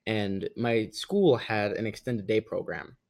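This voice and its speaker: A young man casually telling a long school story, animated and quick to laugh, mimicking the people in it with a raised voice. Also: on the low side. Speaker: podcast guest. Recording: rough audio.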